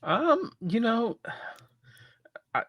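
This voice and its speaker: A podcast co-host with a very high-pitched, sing-song voice talks very slowly in a casual film review chat. He rambles with many restarts and the odd curse word. The recording is muffled but has no echo.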